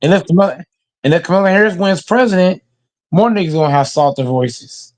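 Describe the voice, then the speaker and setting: A man's voice: high-pitched, a little fast. A man hosting a casual sports reaction show, ranting emphatically and with heavy profanity. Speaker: host reacting to football news.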